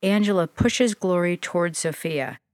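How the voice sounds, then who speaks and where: A woman reading a storybook aloud as its narrator, with a gentle, descriptive manner. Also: on the low side, moderate pace, no room sound, studio quality.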